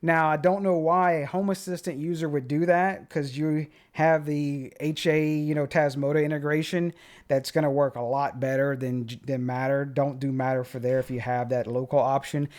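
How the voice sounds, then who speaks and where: A man's voice: on the high side, little pitch movement, moderate pace, darkish tone. A man hosting a tech channel, chatting offhand through an unboxing and thinking aloud as he goes. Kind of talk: casual unboxing chat.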